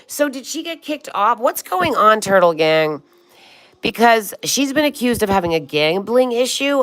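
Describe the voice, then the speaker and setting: A woman in her sixties hosting a casual livestream, chatting with viewers and calling them honey and sweetheart, with a swear here and there. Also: mid-range voice. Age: 60s. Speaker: livestream host. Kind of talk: casual livestream chat reading comments.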